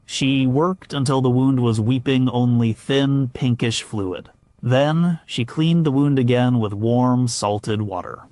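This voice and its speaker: A man narrating a scripted history documentary in a measured way, with occasional stumbles and fillers. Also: mid-range voice, dry recording.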